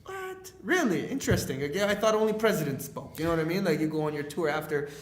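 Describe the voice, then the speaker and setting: A young man from Canada, a guest on a podcast, tells stories in a lively, chatty way and acts out the voices of the people in them. His voice sits a little high for a man. The recording has a noticeable roomy echo. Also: racing. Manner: animated storyteller, acts out quoted dialogue with many fillers. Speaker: guest, leadership speaker. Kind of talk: casual podcast storytelling.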